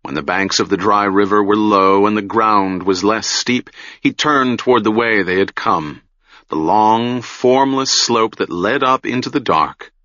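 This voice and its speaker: A man reading a fantasy novel aloud in a measured, solemn manner, recorded close on a dry mic with a dull lo-fi sound. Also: lowish voice, sharp tone, dry recording. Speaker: audiobook narrator. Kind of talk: scripted fantasy narration.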